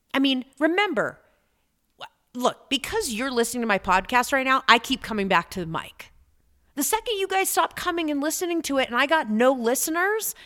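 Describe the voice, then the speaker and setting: A middle-aged woman hosting a podcast as a business coach, talking in an energetic, chatty way and repeating points for emphasis. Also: fairly high pitch. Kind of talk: motivational podcast talk.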